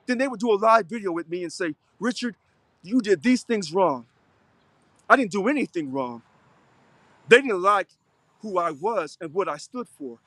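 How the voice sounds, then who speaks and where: A man's voice: high-pitched, fairly bright tone, no echo. A man who is a union local president, giving a preachy, fiery, repetitive unscripted video monologue.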